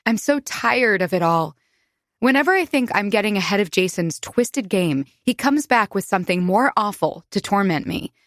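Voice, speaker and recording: A woman's voice: mid-range voice, animated, normal speed, a bit bright, no echo, studio quality. Woman reading an intimate first-person audiobook. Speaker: audiobook narrator.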